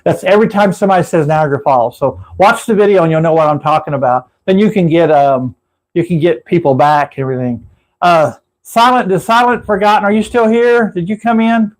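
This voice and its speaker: A man's voice: high voice, fairly quick, poor audio. A man with a Texan accent, hosting a casual live chat from his room, rambling and laughing at his own stories. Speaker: livestream host.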